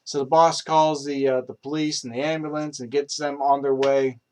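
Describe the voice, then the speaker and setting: A man's voice: a little high, level tone, normal speed, darkish tone, slight background noise. A young man telling a rambling personal story, with many fillers, restarts and swearing. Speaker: improv storyteller. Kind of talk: casual rambling anecdote.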